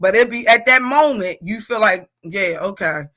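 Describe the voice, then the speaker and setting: A woman's voice: mid-range voice, moderate pace, noisy background. A middle-aged woman leading a casual leadership workshop, reading out comments and laughing with the group. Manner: animated, laughing, talks to the group as y'all.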